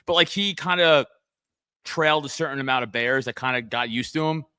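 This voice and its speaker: A young man co-hosting a podcast, chatting casually and telling stories in an animated, profane way. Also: mid-range voice, brisk, clean tone, no echo, studio quality. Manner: animated, profane, tells stories with quoted voices. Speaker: podcast co-host.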